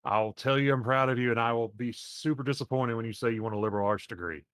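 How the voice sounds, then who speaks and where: A man's voice: medium pitch, quick pace, fairly bright tone, dry recording, studio quality. A man co-hosting a casual podcast, joking and swearing freely. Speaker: podcast co-host.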